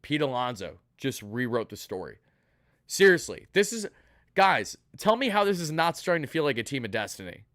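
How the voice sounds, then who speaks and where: A man's voice: medium pitch, sing-song, moderate pace, a bit bright, dry recording, clean studio sound. A man hosting a live postgame stream, hyped and thanking donors one after another. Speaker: sports channel host.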